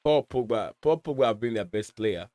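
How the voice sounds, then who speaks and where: A man's voice: medium pitch, animated, brisk, mellow, no echo. A man hosting a live watch-along, giving casual, rambling match commentary with lots of fillers and restarts.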